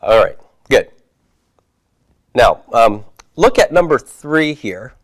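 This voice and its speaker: A man's voice: medium pitch, very animated, takes it slowly, no echo. A man teaching a Hebrew class, reviewing homework and patiently asking his students questions before answering them himself.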